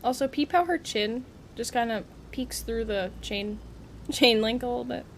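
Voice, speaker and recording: A young woman's live gameplay stream features her playful chat with viewers and teasing remarks aimed at the character on screen. She speaks at a moderate pace in a voice on the high side, over slight background noise.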